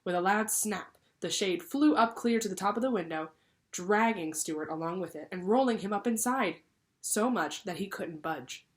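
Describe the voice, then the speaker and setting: Teacher, female, lively read-aloud for kids, medium pitch. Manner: lively, pausing to explain to pupils. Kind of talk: read-aloud storytelling for children.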